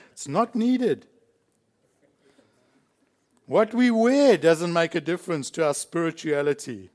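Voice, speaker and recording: A man's voice: a little high, slow pace, pauses often, darkish tone. A man from South Africa preaching a sermon in a church, emphatic and chuckling between points. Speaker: pastor.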